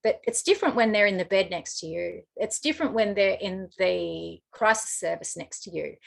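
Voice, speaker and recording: Aussie woman telling her story in an interview, chatty and blunt, lots of ums, normal pitch. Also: creaky, fairly bright tone, husky. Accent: Australian. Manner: chatty, frank, with frequent fillers. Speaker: interview guest.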